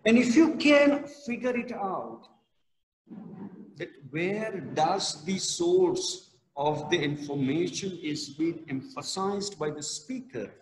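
A man lectures a class, his fairly high voice swinging up and down as he stresses words. He talks unhurriedly and deliberately. The sound rings around a reverberant hall with a long tail. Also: expressive, slight background noise. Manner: slow, emphatic, stresses key words. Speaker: college lecturer.

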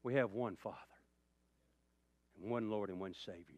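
A man preaching a sermon as pastor, swinging from loud, raised passages to hushed, quiet ones. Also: mid-range voice, lively intonation, moderate pace, no echo. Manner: impassioned preaching, rising loud then dropping to hushed tones.

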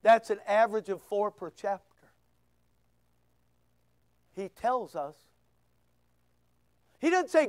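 A man preaching a sermon as pastor, full of rhetorical questions, swinging between loud bursts and hushed asides. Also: high voice, very animated, slow, long pauses, smooth, dry recording. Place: church.

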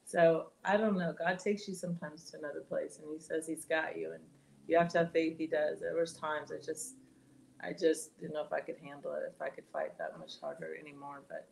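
Middle-aged woman, gravelly voice, candid storytelling, podcast guest. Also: low voice, a little fast, darkish tone, slight background noise, low-quality recording. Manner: candid, laughs while telling hard moments. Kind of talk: casual personal storytelling.

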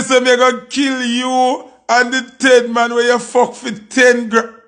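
A Jamaican man hosting an excited music reaction, exclamatory and swearing freely. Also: very high-pitched, unhurried.

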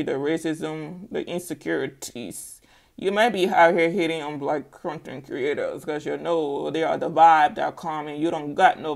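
A woman giving a casual tarot reading in a sassy, animated way, often laughing. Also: deep voice, vocal fry. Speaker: tarot reader.

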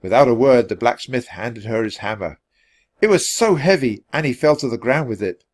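A man reading a children's chapter book aloud for English learners in a clear, expressive way. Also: medium pitch, normal speed. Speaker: storybook reader.

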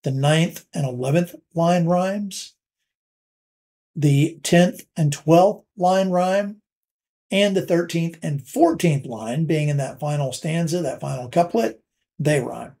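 A man teaching a recorded lesson on poetry, explaining in a casual way with fillers and slowing down to read verse aloud. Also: a little high, creaky, warm tone.

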